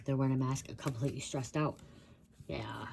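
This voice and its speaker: A woman's voice: rumbling low, normal speed, a little mellow, a little hiss or hum. A woman giving a rambling channeled psychic reading, blurting out words she hears and swearing casually. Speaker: psychic reader.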